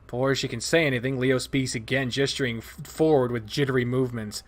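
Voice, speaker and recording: A man reading a visual novel aloud in a middle-pitched voice. His delivery is expressive and dramatic, and he breaks in now and then with his own asides. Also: fairly quick, hardly any pauses. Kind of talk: narrating a game aloud.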